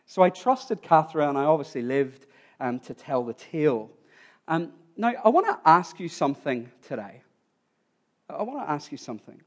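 Male preacher, high voice, informal sermon storyteller who repeats himself as he talks. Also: big pitch swings, moderate pace. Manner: informal, restarts words, addresses listeners directly.

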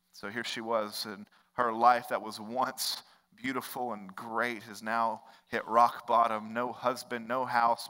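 A man preaching a sermon as pastor, moving from hushed storytelling to impassioned, rising preaching with repetitive rhetorical cadence. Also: medium pitch. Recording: long hall reverb.

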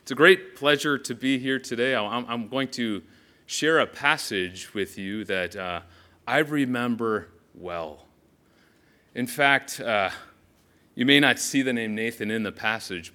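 A man preaching in character as an earnest young follower of Jesus, telling a first-person biblical monologue in an animated storytelling manner, speaking straight to his listeners. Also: on the low side, measured pace.

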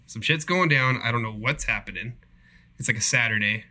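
A young man spins a profane, rambling work story in casual chat. His voice is bright and sharp. He jumps between hushed asides and loud outbursts. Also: medium pitch, brisk. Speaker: podcast co-host telling work stories.

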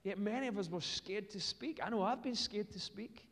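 A British pastor preaches in a relaxed, conversational manner, telling stories and slipping in casual fillers. His voice sits a little high for a man, and the long reverb of a large church hall trails after each phrase. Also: moderate pace. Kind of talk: sermon.

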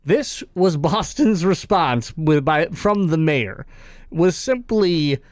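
A male podcast host with a slightly high voice, chatting loosely and laughing often between jokes. He reads out quotes in a casual, offhand way. The sound is dry and close. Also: animated, slow pace, a little mellow, no room sound.

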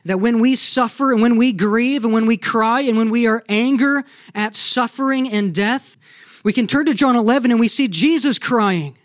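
High-voiced man preaching earnestly. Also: moderate pace. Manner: earnest, emphatic preaching with rhetorical questions. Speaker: pastor. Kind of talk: sermon.

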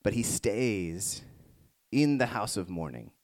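A man preaching a sermon to a congregation, moving between hushed reflective passages and rising emphatic ones. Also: fairly low pitch, big pitch swings, slow pace. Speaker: pastor.

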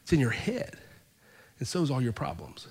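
A male pastor preaching a sermon, telling a personal story and acting out both sides of the conversations, then building to fervent, loud preaching. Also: medium pitch, huge pitch swings, moderate pace, husky, long reverb tail.

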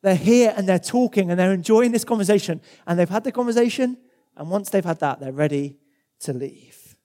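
A man's voice: high voice, animated, a little fast, warm tone. A man preaching a sermon in a conversational way, often repeating words as he goes. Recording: long hall reverb.

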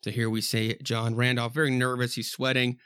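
A man's voice: mid-range voice, little pitch movement, brisk, a bit bright, clear, resonant tone, dry recording, studio quality. A man hosting a podcast, casually reading a horror comic aloud and rambling about the art. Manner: rambling, laughs at himself. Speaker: podcast host.

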